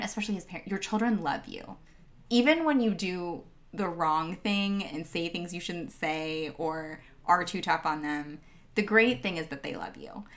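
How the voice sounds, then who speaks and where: A woman's voice: lowish voice, fairly bright tone. A woman, a former teacher, giving a reflective interview answer in an earnest, conversational way with many fillers.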